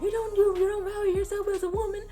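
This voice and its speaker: A woman mimicking a shrill jealous young man. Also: level tone, fast talker, mellow, faint music behind. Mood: angry accusing.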